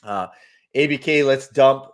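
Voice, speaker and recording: A man with a medium-pitched, unhurried voice hosts a live trading stream. He chats casually about the market, greets viewers by name, and talks through charts as he goes, laughing easily in a loose, talkative way.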